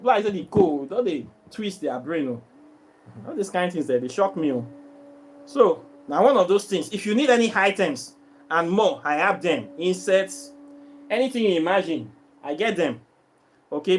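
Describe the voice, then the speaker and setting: A man's voice: high-pitched, a little hiss or hum. A Nigerian man with a Nigerian accent that slips into Pidgin, ranting casually to his viewers as a vlogger who sells herbs, complaining in an exasperated, repetitive way. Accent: Nigerian, mixing in Pidgin. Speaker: vlogger selling herbs and spiritual products. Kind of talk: casual vlog rant to viewers.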